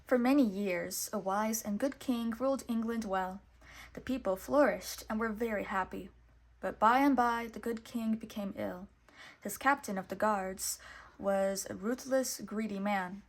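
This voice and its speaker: A woman reading a picture book aloud, expressive and lively, putting on voices for the characters. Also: mid-range voice, a little slow. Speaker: storybook reader.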